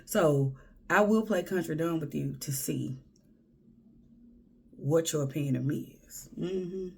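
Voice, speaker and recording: A woman's voice: deep voice, measured pace, gravelly, darkish tone, breathy edge. A woman from Houston, giving blunt, sassy advice in a casual monologue and often dropping to a whisper. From Houston, Texas. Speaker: vlogger.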